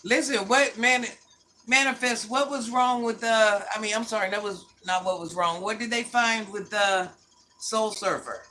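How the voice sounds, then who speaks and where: A woman's voice: a little high, normal speed, sharp tone, slight background noise. An older woman hosting a casual livestream, bluntly scolding and answering viewer comments. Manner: sassy, scolding, blunt talk-back. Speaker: livestream host.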